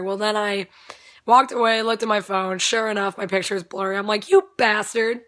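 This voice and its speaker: A woman's voice: medium pitch, steady tone, fairly quick, a bit bright. A young woman with a strained voice, casually telling a rambling story, swearing freely and laughing often. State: voice strained, not at full strength.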